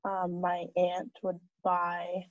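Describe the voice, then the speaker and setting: A woman's voice: on the low side, monotone, extremely slow, no echo. A woman student answering in an online class, hesitant and tentative. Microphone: video call. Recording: dull, dry video call audio.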